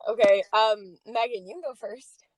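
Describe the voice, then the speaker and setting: A woman's voice: a little high, normal speed, dry recording. A young woman co-hosting a podcast in casual chat, giggly, often chiming in. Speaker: podcast co-host.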